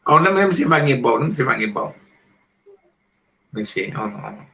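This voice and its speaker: A man in his fifties, a former boxer and podcast guest, telling animated stories in a casual interview and often clearing his throat. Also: mid-range voice, rapid-fire, rough recording. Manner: animated storyteller who acts out quoted voices.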